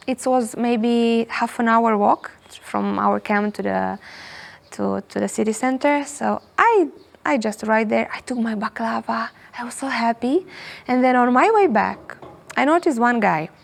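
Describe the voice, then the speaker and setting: A young woman, telling a story as a podcast guest in a hostel, animated and repeating herself often. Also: on the high side, a little slow, vocal fry. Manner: animated, repeats words, frequent "you know". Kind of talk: casual storytelling in English.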